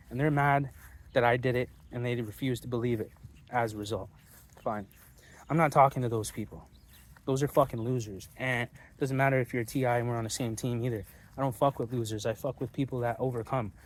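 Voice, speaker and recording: A man holds forth to his viewers in a loose, unscripted monologue. He is blunt and combative, and he swears often. His voice sits at an ordinary pitch for a man. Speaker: channel host.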